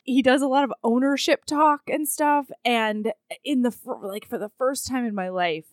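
A woman co-hosting a podcast, casually recapping a book in a playful, animated way. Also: high voice, moderate pace, dry recording, clean studio sound. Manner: animated, laughs often, playful. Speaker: podcast co-host.

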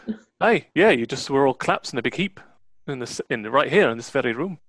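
A game master doing a gruff Scottish-accented mountain warden. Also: medium pitch, animated, quick pace, no echo, natural voice. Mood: blunt. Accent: put-on Scottish. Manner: brusque, teasing, swearing. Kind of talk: tabletop role-play narration.

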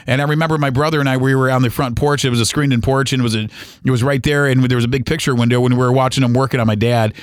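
A man in his forties tells a personal story on a podcast, his voice sitting at an ordinary middle pitch. He speaks earnestly and haltingly, often pausing on fillers and starting his sentences over. The recording is close and dry. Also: fairly even intonation, no room sound. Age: 40s. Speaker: podcast host.

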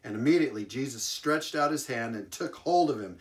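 A male preacher at a middle pitch tells a Bible story as part of a sermon. He delivers it in an animated way, repeats key phrases for emphasis and chuckles along the way. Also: brisk.

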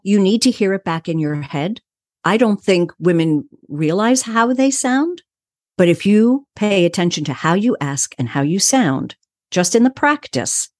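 Older woman, voice coach guest, low voice, calm and instructive, dry close recording. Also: dry recording. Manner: calm, assured, explains in a teaching way. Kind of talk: interview answers, coaching advice.

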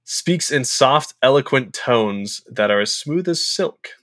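A man's voice: mid-range voice, lively intonation, slow pace, fairly bright tone, dry recording, studio quality. Male podcast host and game master; casual, upbeat, conversational delivery.

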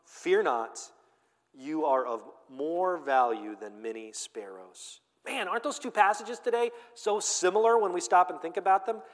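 A fairly high-voiced man preaches with fervor, his voice rising to loud declarations and then sinking almost to a murmur. Long reverb from a big hall trails behind each phrase. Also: unhurried. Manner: emphatic preaching, swinging from loud to hushed. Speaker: pastor. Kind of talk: sermon.

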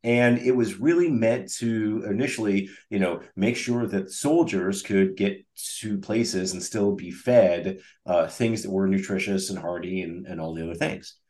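A man's voice: lowish voice, unhurried, few pauses, darkish tone. A man hosting a podcast in casual chat, rambling with many fillers and jokes. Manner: rambling, hesitant, jokey. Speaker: podcast host.

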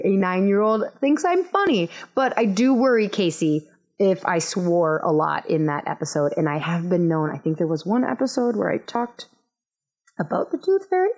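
A woman's voice: on the low side, a little mellow, low-quality recording. A woman in her thirties hosting her podcast, chatting casually in rambling asides with self-mocking humor. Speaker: podcast host. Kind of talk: casual solo podcast chat.

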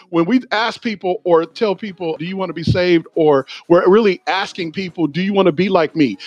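A man who is a pastor, hosting a sermon-like podcast in an animated, preachy way with asides to his listeners. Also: sits high, no echo, dull audio.

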